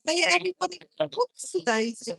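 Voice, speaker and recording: High, bright, giggly older woman. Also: lively intonation, fairly quick, creaky, no echo, studio quality. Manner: giggly, hesitant, fumbling. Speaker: the streamer's wife. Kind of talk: casual chat to camera. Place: outdoors at a crowded street march. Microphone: handheld phone.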